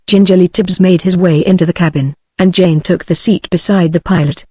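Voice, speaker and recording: A synthetic British English woman's voice reading a novel aloud in an even, machine-read delivery. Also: lowish voice, fairly quick, few pauses, breathy edge, dry recording, studio quality. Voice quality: flat, even text-to-speech delivery. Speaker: audiobook narrator. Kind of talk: synthesized audiobook narration.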